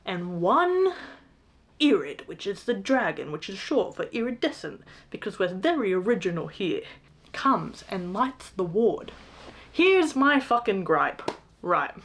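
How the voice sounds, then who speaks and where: A woman's voice: medium pitch, big pitch swings, a little slow. A young woman reviewing a book in a casual rant, exasperated and sarcastic, swearing freely.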